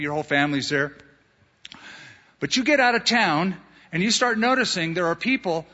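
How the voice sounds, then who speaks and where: A male pastor preaching a sermon, animated, acting out quoted voices in his stories. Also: on the high side. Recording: dull lo-fi sound in a reverberant hall.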